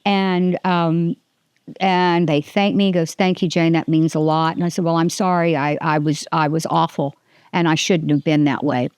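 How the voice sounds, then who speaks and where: A woman's voice: deep voice, level tone, normal speed, a little mellow, clear, resonant tone, no room sound. Chatty older woman, dry close mic. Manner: chatty, rambling, frequent restarts and laughs. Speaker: podcast host. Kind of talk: casual faith talk.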